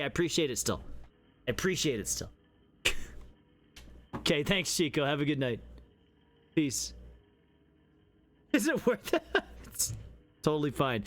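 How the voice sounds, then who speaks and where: Excitable young man streaming a game. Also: high voice. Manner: excitable, swears a lot, laughs often. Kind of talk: casual live-stream chat.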